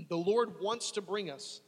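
Male preacher, high husky voice, dramatic delivery, heard with a long reverb. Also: animated, takes it slowly. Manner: dramatic, acts out desperate pleas to God. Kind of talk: sermon.

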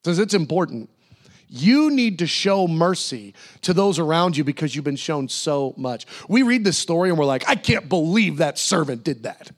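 A man's voice: on the high side, animated, moderate pace. A man preaching a sermon in a church, acting out Bible figures in casual, playful voices. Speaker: pastor.

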